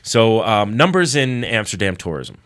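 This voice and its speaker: A man with a Boston accent hosts a casual radio talk show in a very deep voice. He rambles in a loose, stream-of-consciousness way. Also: very animated, normal speed, a bit bright, smooth. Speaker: host.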